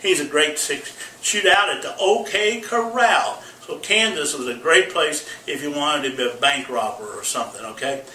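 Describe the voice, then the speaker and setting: A man's voice: on the high side, moderate pace, few pauses, pushed and bright, a little hiss or hum. A man giving a folksy, comic explainer, often whooping and making goofy sound effects, and checking in with okay after each point. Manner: hollers yeehaw and makes goofy sound effects; repeats okay often, teacher-like. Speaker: comedic vlogger. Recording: echoey room, voice far from mic.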